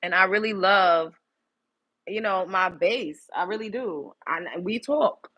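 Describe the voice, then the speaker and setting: Speaking slowly at a medium pitch over dull audio, this young Brooklyn, New York woman runs a laid-back livestream. She talks bluntly and openly, cursing without restraint and calling out viewers by name.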